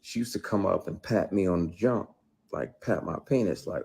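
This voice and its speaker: Husky man, heated and emphatic. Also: normal speed. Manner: emphatic, swinging between low intensity and loud outbursts. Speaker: actor telling his story. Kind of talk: heated personal account, clip.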